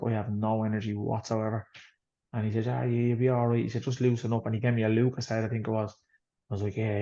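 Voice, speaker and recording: On slightly dull lo-fi audio, an Irish boxer appears as an interview guest, telling his story in a blunt, rambling way and swearing freely. His voice is warm and medium-pitched.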